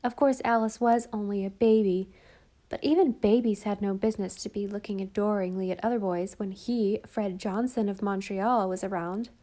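Female audiobook narrator, mid-pitched, reads a children's story with light character shifts. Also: fairly even intonation, normal speed, warm tone.

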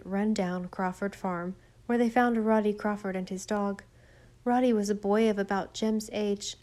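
A woman narrating a children's storybook. Her reading is gentle and even, unhurried and clear, in a middle-pitched voice. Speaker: audiobook narrator.

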